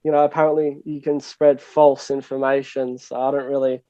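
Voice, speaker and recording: A man's voice: mid-range voice, level tone, normal speed, mellow, no echo. A young Australian man, a DJ guest on a podcast, talking casually in a rambling, self-mocking way and swearing freely. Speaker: guest DJ and producer. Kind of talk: casual interview chat. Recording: dull lo-fi dry sound.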